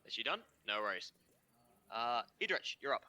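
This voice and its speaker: A man's voice: medium pitch, very animated, normal speed, bright, forceful tone. A man with an Australian accent, the game master narrating a tabletop game in a casual way, trailing off with fillers. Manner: casual, laughs easily, trails off with "um" and "kind of".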